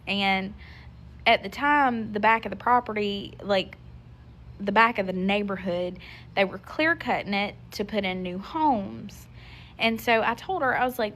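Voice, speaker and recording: A woman's voice: medium pitch, moderate pace, a bit bright. A woman, telling a personal story to camera in a chatty way, with lots of fillers and restarts as she acts out what people said.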